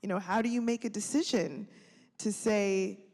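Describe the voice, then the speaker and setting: Woman filmmaker on a panel, mid-pitched, reflective, searching for words; long hall reverb. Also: normal speed, a little mellow. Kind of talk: panel discussion answer. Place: museum auditorium. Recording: reverberant auditorium.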